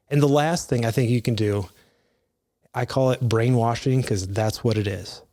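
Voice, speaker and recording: A man's voice: medium pitch, darkish tone. A man in his thirties giving earnest, conversational advice to fathers, with restarts and asides. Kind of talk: casual motivational talk.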